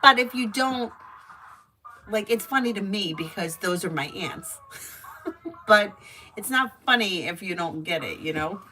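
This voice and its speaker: This tarot reader speaks unhurriedly in a medium-pitched voice, pausing often against a noisy background. Between readings on her live stream she giggles, chats and spins lively stories.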